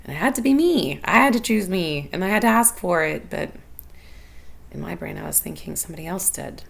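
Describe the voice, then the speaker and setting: A woman's voice: lowish voice, lively intonation, fairly quick, gravelly. A woman hosting a solo podcast, talking candidly and personally about her own life, often laughing and repeating her phrases. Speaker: podcast host. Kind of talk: reflective solo podcast talk.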